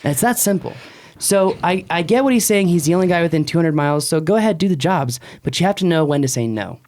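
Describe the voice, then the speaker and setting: A man in his thirties co-hosting a podcast, talking in an animated, emphatic way as he gives business advice in casual chat. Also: a little high, quick pace. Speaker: podcast co-host.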